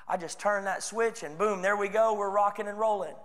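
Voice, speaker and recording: High-voiced Texan preacher, reverberant church. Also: male voice, a little fast, a bit bright. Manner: earnest, conversational preaching with acted quotes. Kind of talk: sermon. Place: church sanctuary.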